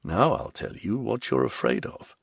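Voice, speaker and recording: A man voicing a composed nobleman who speaks in a measured, reassuring way. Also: lowish voice, sing-song, vocal fry, slightly rough, dry recording, clean studio sound, heavily acted. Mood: calm, measured. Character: calm, composed nobleman, quietly persuasive.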